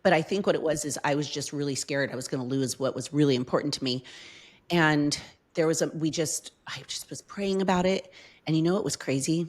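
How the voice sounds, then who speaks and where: A middle-aged woman as a podcast guest, telling a personal story in casual chat with heartfelt emotion. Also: low voice.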